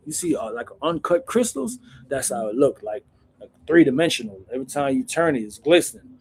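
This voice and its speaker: A man hosting his own channel, telling stories in a casual, animated, slangy way, calling everyone "bro". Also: medium pitch, a little fast, breathy edge. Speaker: channel host recounting prison life. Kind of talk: casual storytelling to camera.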